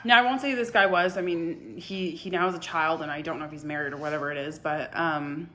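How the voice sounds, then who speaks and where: A woman in her twenties telling a personal story to camera in a halting, emotional way, often dropping to a hushed voice. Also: deep voice, fairly even intonation, heavy background noise. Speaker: vlogger.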